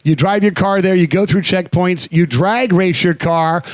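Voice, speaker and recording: Male radio co-host, casual, earnest and rambling, blunt when he swears, fairly high voice, dead-dry studio sound. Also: moderate pace, no room sound.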